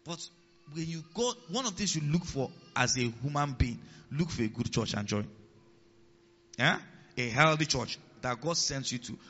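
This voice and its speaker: A male pastor preaching a sermon, often asking the congregation if they follow and repeating key lines, swinging between loud emphasis and quiet asides. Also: mid-range voice, lively intonation, normal speed. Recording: long hall reverb, dull lo-fi sound.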